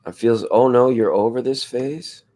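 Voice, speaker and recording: A man with a hoarse voice hosting a laid-back late-night tarot livestream, chatting with viewers in a rambling, spiritual way. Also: mid-range voice, moderate pace, warm tone. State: hoarse from screaming at a football game. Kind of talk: casual late-night chat reading viewer comments.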